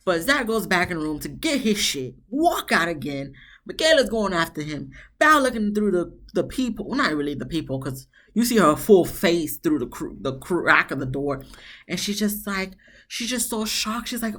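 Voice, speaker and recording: Animated, slangy woman recapping a show. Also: on the low side, moderate pace. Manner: animated storytelling, acts out quotes from the episode; slangy, chatty. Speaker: reality TV reviewer. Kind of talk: casual episode recap.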